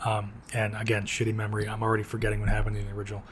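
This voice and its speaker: A man's voice: on the low side, completely flat delivery, racing, a bit bright, a little hiss or hum. A man in a casual podcast chat about a video game, speaking in a laid-back, wry, profane way. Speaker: podcast co-host.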